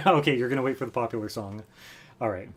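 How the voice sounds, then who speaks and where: A man's voice: medium pitch, expressive, fairly quick, a bit bright, a little hiss or hum. A man hosting a music livestream, chatting casually between songs, thanking viewers and taking requests in an easygoing way. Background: acoustic guitar playing.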